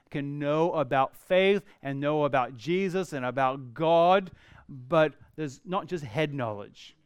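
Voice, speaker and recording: A man preaching a sermon earnestly, swinging from loud emphasis to quiet, slow passages. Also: fairly high pitch, smooth, no echo, clean studio sound. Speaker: pastor.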